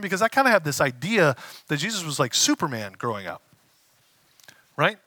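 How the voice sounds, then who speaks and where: A man preaching a conversational sermon as a pastor, casual and animated, acting out the voices he quotes. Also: sits high, fairly quick, long pauses, no echo.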